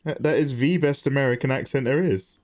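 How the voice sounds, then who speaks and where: A man's voice: mid-range voice, a little fast, darkish tone. A man chatting casually on his livestream while drawing, joking and bantering, with casual swearing.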